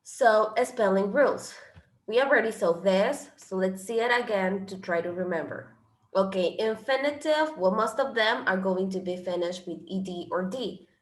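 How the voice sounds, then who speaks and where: A woman whose first language is Spanish gives a classroom grammar lesson in English, speaking at medium pitch and normal speed. She patiently explains, switching between English and Spanish, in an echoey room.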